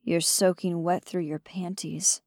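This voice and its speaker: A woman voicing a dark, rough-voiced man who whispers seductively in an audiobook. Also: lowish voice, flat delivery, a little slow, dry recording, clean studio sound.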